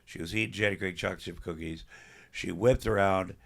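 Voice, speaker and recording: A man's voice: low voice, fairly even intonation, a little fast, vocal fry. An older man, a podcast guest, telling rambling self-deprecating stories with salty language in casual comedic chat.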